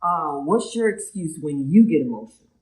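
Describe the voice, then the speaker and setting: A man's voice: a little high, sing-song, moderate pace, a little mellow. A man acting out a friend who dryly needles another man for being sensitive. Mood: teasing. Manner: dry, needling. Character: teasing man calling his friend sensitive. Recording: roomy room echo.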